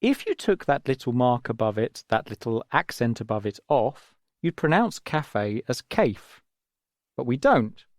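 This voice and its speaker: English guy teaching kids slowly and gently, voice bouncing up and down a lot, dry studio sound. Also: mid-range voice, sing-song, no room sound. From England. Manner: patient, gentle, explaining step by step. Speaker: language teacher. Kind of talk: scripted audio lesson for children.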